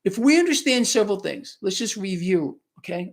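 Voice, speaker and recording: Sarcastic guy doing a live market wrap-up, kinda high voice, gravelly, ranting at chat. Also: animated, normal speed. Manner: emphatic, sarcastic, conversational rants. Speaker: market commentary host. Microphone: new microphone.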